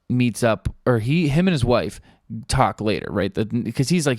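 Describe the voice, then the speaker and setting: A man's voice: lowish voice, moderate pace, few pauses, dry recording. Laid-back young man rambling, dry close mic. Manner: loose, rambling, lots of fillers and profanity; acts out quoted people in a flat offhand voice. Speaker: podcast host. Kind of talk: casual storytelling chat.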